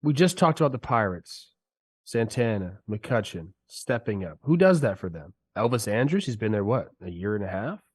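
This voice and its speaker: In a podcast studio, a former player co-hosts a sports podcast, talking casually and ranting heatedly while sick with a cold. His lowish voice has a breathy edge and is very animated. Fired-up, he drags out words like "dude" and "bro."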